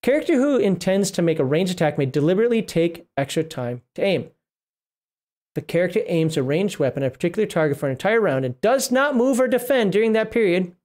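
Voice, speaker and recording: A man's voice: high voice, lively intonation, fast, darkish tone. Rambling middle-aged man thinking aloud. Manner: rambling, thinks aloud while reading rules, breaks off mid-word. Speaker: livestream host reviewing a tabletop RPG book. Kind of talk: casual livestream commentary.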